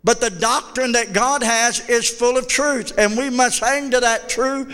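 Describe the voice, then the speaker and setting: A man's voice: very high-pitched, steady tone, measured pace, bright, forceful tone, smooth. A fervent older man preaching a sermon in a church, calling out to the congregation. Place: church hall. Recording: reverberant church hall.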